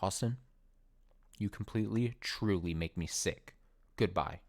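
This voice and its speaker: A man reading aloud the lines of a heartbroken young woman from a game, in his own low voice with little acting. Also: unhurried, a little mellow. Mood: pleading.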